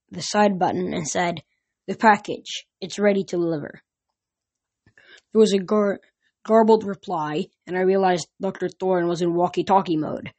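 A woman's voice: on the low side, a little mellow. A woman reading a novel aloud, narrating in an unpolished way with frequent slips and restarts. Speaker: reader.

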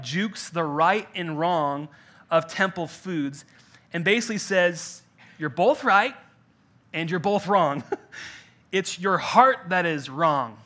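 A man's voice: on the high side, a bit bright. A young adult man preaching a conversational sermon, jokey and loose, with lots of filler words. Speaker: pastor. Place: church in-person gathering.

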